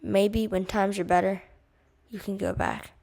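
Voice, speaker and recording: A woman reading the lines of a weary, worried father in a storybook, spoken quietly and resigned. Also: mid-range voice, steady tone, a little slow, lightly acted.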